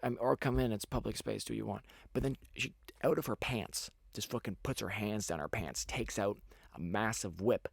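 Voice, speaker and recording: A man's voice: fairly low pitch, moderate pace, creaky, husky, no room sound, clean studio sound. A young man hosting a podcast, telling a rambling story in casual chat, full of fillers and restarts. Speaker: podcast host.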